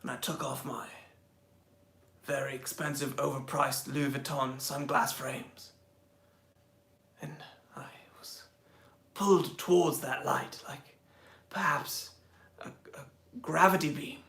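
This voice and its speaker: A man imitating a boastful British celebrity footballer in a put-on British accent, telling a story in a pompous, mock-grand way with hushed moments. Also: medium pitch, fairly even intonation, slow, pauses often, echoey room, voice pushed down.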